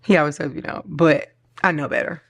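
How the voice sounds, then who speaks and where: A woman's voice: deep voice, fairly quick, gravelly. A middle-aged woman chatting casually and rambling while she decorates her planner, laughing often and getting choked up. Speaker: planner vlogger.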